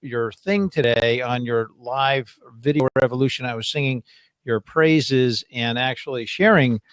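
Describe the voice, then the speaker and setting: A man's voice: mid-range voice, a little slow, a bit bright, clean tone, no room sound. A man hosting a live-streamed show, chatting casually in a rambling, joking way. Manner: rambling, jokey, trails off and restarts. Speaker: show host.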